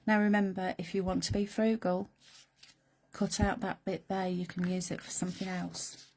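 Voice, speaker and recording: A chatty, playful woman talks viewers through a craft project live from her studio, now and then slipping into soft whispered asides. Her voice is fairly low and mellow with a husky edge. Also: little pitch movement, moderate pace. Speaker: crafting presenter.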